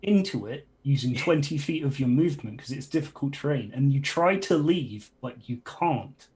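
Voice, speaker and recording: A man's voice: medium pitch, animated, normal speed, a little mellow. Laid-back man running a tabletop game. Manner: chatty, laughs between rulings. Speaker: game master.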